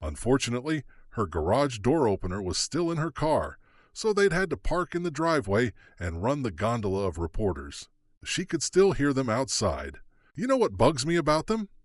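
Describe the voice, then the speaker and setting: A man's voice: mid-range voice, very animated, normal speed, no room sound. A man narrating an audiobook thriller dramatically, his pacing shifting with the action. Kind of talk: scripted narration.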